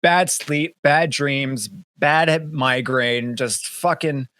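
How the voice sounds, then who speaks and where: A man's voice: mid-range voice, steady tone, takes it slowly, sharp tone, no room sound. A man co-hosting a podcast in casual chat, rambling and swearing, full of fillers and restarts. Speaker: podcast co-host. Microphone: webcam setup.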